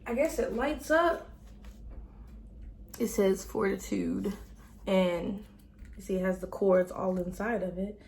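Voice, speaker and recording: A young woman unboxing gifts in a casual vlog, excited and emotional, gasping at each gift. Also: mid-range voice, slow pace, long pauses. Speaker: vlogger. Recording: roomy, from far off the mic, faint noise.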